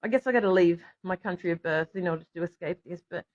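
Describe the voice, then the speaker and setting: A woman's voice: lowish voice, fast, highs cut off. An Australian woman rambling to her viewers on a livestream, emotional and swearing freely, answering commenters as she goes. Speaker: vlogger addressing viewers.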